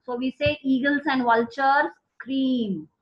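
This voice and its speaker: Brief: woman teaching a class, high voice, patient repetition, dull lo-fi sound. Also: steady tone. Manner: slow, repeating key words for students. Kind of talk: classroom vocabulary lesson. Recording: dull lo-fi recording.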